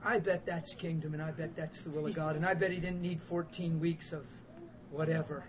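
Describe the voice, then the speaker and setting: Telling a story from the pulpit during a church service, a preacher speaks briskly in a voice on the high side. His emphatic, animated delivery builds to loud outbursts and dissolves into chuckles now and then. Faint hiss and muffled sound mark the recording.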